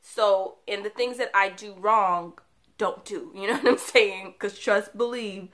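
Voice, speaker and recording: A woman's voice: medium pitch, a little slow, fairly bright tone. A young woman vlogger telling a painful personal story to camera in a candid, confiding way, with laughs breaking in between the sad parts.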